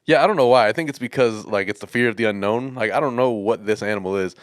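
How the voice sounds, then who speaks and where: A man's voice: fairly low pitch, fast, dry recording, clean studio sound. A man co-hosting a casual podcast, guessing loosely at slang and rambling with plenty of fillers and laughs. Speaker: podcast co-host. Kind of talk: casual chat.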